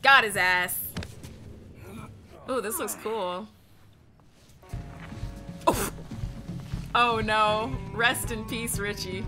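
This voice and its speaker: A young woman streaming a game, chatting casually with loud, excitable outbursts. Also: medium pitch, drawn-out words, pauses often, music in the background. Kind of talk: live gameplay commentary. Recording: stream audio with background noise.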